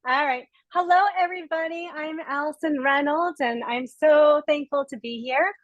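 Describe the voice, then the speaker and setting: A woman's voice: sits high, moderate pace, dry recording, muffled recording. A woman in her forties from Rhode Island, giving an earnest, heartfelt testimonial on a webinar over a video call, close to tears. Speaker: guest speaker sharing a testimonial.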